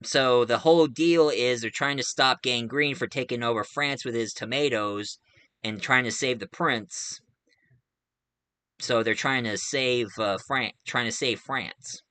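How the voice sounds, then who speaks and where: A man's voice: mid-range voice, unhurried, sharp tone, clear, resonant tone, no room sound. A man giving a casual spoken movie review, rambling along with frequent filler sounds.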